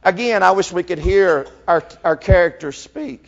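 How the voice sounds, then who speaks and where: A man's voice: sits high, normal speed, gravelly, few pauses, highs cut off. A man in his fifties preaching a sermon fervently, with frequent filler sounds between phrases.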